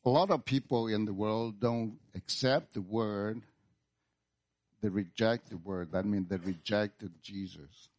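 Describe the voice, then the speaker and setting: Male pastor, slow sermon delivery, repetitive emphatic phrasing. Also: on the low side. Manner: slow, deliberate preaching with repeated words and emphatic restarts. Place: church.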